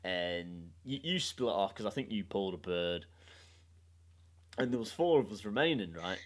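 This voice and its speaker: Lively low-voiced storyteller guy. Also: moderate pace. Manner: animated, sweary, laughs through his own story. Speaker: podcast host. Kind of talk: casual storytelling chat.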